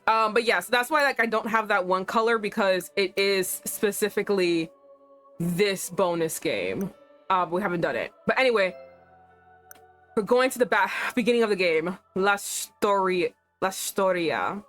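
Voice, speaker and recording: A young adult woman streaming a game, chatting casually in a playful, animated way and laughing often. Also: mid-range voice, normal speed, faint music behind. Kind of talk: casual gameplay commentary.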